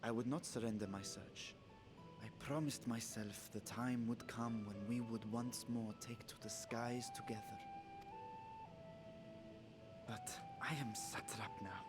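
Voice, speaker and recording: A grave, formal ruler who is really a dragon in disguise, played by a man with a voice at a middling pitch. He speaks in a measured, solemn way, and a clear game score plays behind him. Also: steady tone, natural voice. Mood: wistful. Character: solemn male ruler, a dragon in human guise. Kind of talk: game cutscene voice acting. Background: game music.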